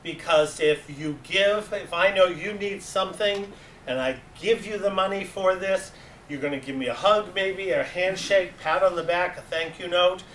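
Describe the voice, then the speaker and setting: A man with a New England accent giving a storytelling presentation to a meeting, acting out voices in his anecdotes. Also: sits high. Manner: animated, acts out voices in anecdotes. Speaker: club advisor giving a talk. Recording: echoey room, distant mic, faint hiss.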